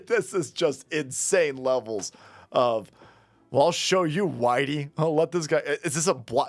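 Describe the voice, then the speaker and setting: A man's voice: mid-range voice, no echo. An angry, sarcastic man ranting on camera. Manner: angry, sarcastic, profane ranting with mocking laughs. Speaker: online commentator. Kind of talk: ranting commentary vlog.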